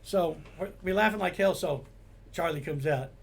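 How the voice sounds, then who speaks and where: An older man, a retired police detective, telling animated anecdotes in a casual chat. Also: on the high side, normal speed, gravelly, slightly rough. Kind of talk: casual storytelling.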